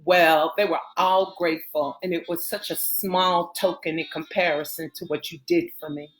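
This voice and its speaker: A woman voicing Natasha, a young woman who tells her story in an animated, dramatic way, with Southern slang. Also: lowish voice, normal speed, lightly acted. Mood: grateful. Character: young woman, Natasha, tearful then laughing.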